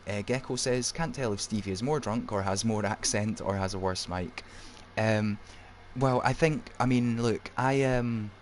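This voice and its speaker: A man's voice: fairly low pitch, unhurried, few pauses, slight background noise. A man with an Edinburgh Scottish accent hosting a casual live stream, chatting loosely and reading out viewer messages with plenty of ums. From Scotland (Edinburgh). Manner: chatty, reads out chat with many ums. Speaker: streamer host.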